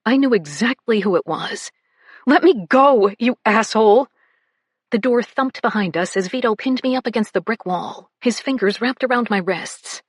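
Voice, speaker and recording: A woman narrating a first-person romance audiobook, breathy and often slipping into whispers. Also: mid-range voice, lively intonation, moderate pace, few pauses, no room sound, studio quality.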